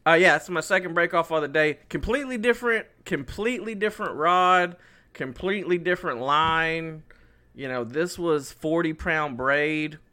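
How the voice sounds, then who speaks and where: His voice a little high and smooth at a normal speed, a man co-hosting a podcast spins a story in relaxed conversation. He's an animated storyteller, performing his own words and others' lines as he goes.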